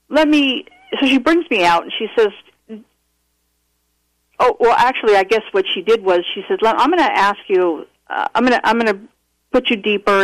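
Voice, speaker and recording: A man calling in to tell a personal story, earnest and animated, often restarting his sentences. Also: sits high, no echo, poor audio. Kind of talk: casual storytelling interview.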